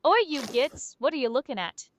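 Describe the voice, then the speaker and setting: A woman's voice: high voice, lively intonation, fairly quick, slight background noise. A synthetic woman's voice playing a grumpy, mocking goblin with slangy talk during game stream banter.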